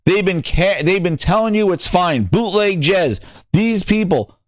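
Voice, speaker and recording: A man runs a gaming news show, and he is angry about it, swearing and tripping over his words as he rants. His voice sits a little high. It comes across dry and close, with no room sound. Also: expressive, unhurried, dry recording. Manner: heated, swearing, repeats words when worked up. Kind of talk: ranting commentary.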